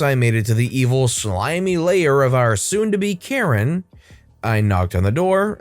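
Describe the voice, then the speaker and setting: A young man narrating online stories in an expressive, dramatic storytime manner. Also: mid-range voice, no echo.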